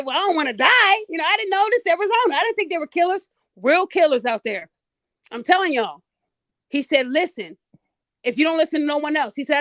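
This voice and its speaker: Blunt, high-voiced woman host. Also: dry recording. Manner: animated, blunt, talks straight to listeners. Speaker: podcast host. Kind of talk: casual storytelling monologue.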